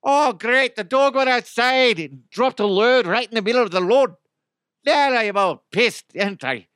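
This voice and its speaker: A man voicing a gruff stage-Irish dog owner, loud and exaggerated. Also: very high voice, lively intonation, a little slow, dry recording, studio quality, pitched above the performer's own voice, exaggerated voice. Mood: cranky. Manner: loud, exaggerated mock accent.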